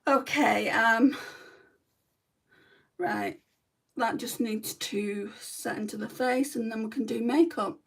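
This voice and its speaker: A woman's voice: a little high, takes it slowly, gravelly, long pauses, husky, distant mic. A woman with a Lancashire accent chatting bluntly to live viewers while she does her makeup. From North West England. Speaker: makeup livestreamer. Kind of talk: casual chat while doing makeup.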